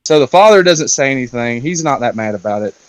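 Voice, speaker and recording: A man's voice: medium pitch, animated, fast, smooth, no room sound. A man in a casual round-table talk, loosely retelling a film plot with lots of fillers and swearing. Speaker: round-table discussion guest.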